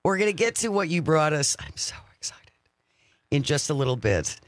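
A man's voice: fairly high pitch, brisk, dry recording. A man hosting a live radio show from a studio, talking in an upbeat, chatty way as he leads an interview. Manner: upbeat, chatty, lively intonation. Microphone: studio microphone.

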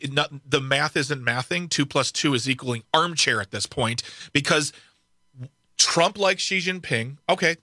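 A man co-hosting talk radio, sarcastic and animated, tripping over his words and restarting. His voice is bright and forceful, recorded dry and close in a studio. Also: medium pitch, dry recording. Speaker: radio talk show co-host. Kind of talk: casual political radio chat.

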